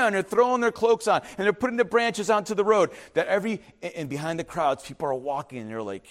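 Animated high-voiced man preaching. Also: fairly quick, hardly any pauses. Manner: emphatic preaching, rising and dropping sharply; acts out skeptics in hushed asides. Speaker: pastor. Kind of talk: sermon.

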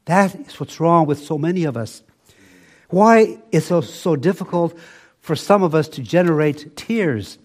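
An older male preacher delivering a sermon in a slightly raised voice. He speaks slowly and with emphasis, and he often sinks into a hushed, low tone to drive a point home. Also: lively intonation. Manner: slow, emphatic preaching with dramatic drops to a soft, low voice.

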